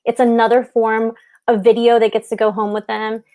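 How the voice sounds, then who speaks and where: A woman co-hosting a casual live stream about wedding planning, talking with passion in quick bursts. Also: a little high, little pitch movement, mellow. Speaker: wedding business co-host.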